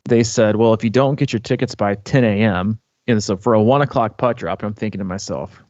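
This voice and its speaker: A lower-voiced man rambles through a story on a podcast, piling on fillers and false starts. The sound is dry and a little dull, close to lo-fi. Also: a little fast, few pauses, dry recording. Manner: rambling, animated storyteller with many fillers and restarts. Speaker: podcast co-host. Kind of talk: casual storytelling chat.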